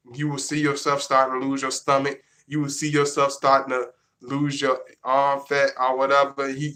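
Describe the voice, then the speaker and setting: A man's voice: medium pitch, sharp tone. A man, talking casually to his viewers in a rambling, repetitive way that keeps restarting sentences. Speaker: vlogger. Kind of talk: casual monologue to camera.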